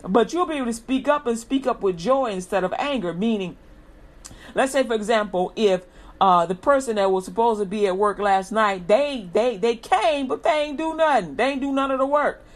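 A woman's voice: on the high side, moderate pace. A woman preaching an informal inspirational sermon, talking colloquially and repeating an upbeat slogan again and again. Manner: colloquial, repeats a slogan, acts out lively quoted greetings.

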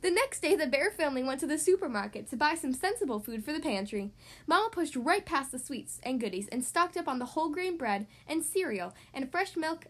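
Lady reading a kids book aloud, high voice, super animated. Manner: expressive and animated. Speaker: children's podcast host.

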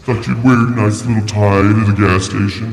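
A man voicing a taunting devil through a pitch-shift effect with heavy reverb. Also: level tone, brisk, gravelly, a little hiss or hum. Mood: mocking. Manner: taunting, mock-sinister. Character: menacing male devil, deep and taunting. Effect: pitch-shifted monster voice with reverb. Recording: echoey roomy reverb.

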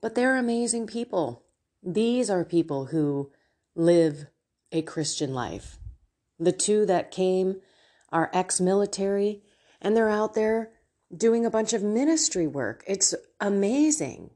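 A woman's voice: medium pitch, expressive, slow pace, mellow. A middle-aged woman hosting a podcast, sharing a personal, confessional reflection. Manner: emotional, confessional, with laughs. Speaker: podcast host.

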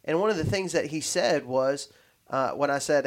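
A man's voice: mid-range voice, moderate pace. A man hosting a podcast, chatting in a rambling, story-telling way with many restarts. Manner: rambling, restarts often, animated when telling stories. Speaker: podcast host. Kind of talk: casual podcast chat.

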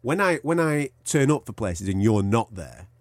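Story-telling English podcast host, dry sound. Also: male voice, fairly low pitch, very animated, moderate pace, dry recording. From England, outside Liverpool. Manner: swearing, storytelling, acts out other people's lines. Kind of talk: casual chat.

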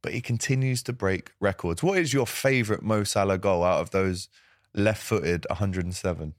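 A man hosting a casual football chat show, chatty and reading viewer comments aloud with shout-outs. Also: deep voice, moderate pace, dry recording, clean studio sound. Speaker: host.

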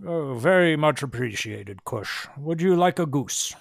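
A man's voice: fairly high pitch, animated, unhurried, gravelly, no echo, studio quality, full character voice. A man voicing a formal, patronizing male vampire doctor in a tabletop game. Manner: prim, polite, patronizing.

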